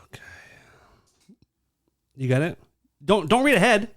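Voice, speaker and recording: A man's voice: high voice, very animated, unhurried, fairly bright tone. A man hosting a podcast in casual chat, teasing and steering the segments along. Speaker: podcast host.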